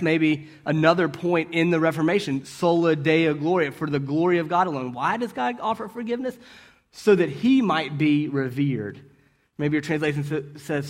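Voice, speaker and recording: A man giving a conversational sermon, asking rhetorical questions and checking in with his listeners. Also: on the high side. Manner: storytelling with brief restarts. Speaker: preacher.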